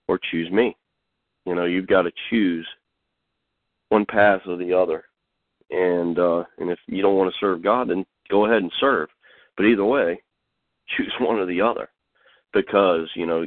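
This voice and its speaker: A middle-aged man hosting a call-in show, teaching a Bible lesson while getting over a cold, pausing often to clear his throat. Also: low-pitched, no echo. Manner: halting, frequent throat-clearing and fillers. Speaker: host. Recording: dry, tinny phone line.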